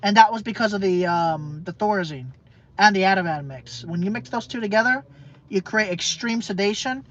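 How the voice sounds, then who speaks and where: A man's voice: high-pitched, normal speed, a bit bright. A man telling a personal story in a rambling way, repeating himself and often restarting his sentences. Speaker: vlogger. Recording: dull, dry lo-fi recording.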